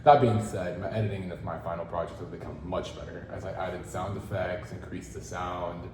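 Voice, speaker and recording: A male student answering interview questions about his own film project, earnest and steady, with small stumbles. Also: sits low, normal speed. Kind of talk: interview-style reflection, partly read. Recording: roomy echo with steady background noise.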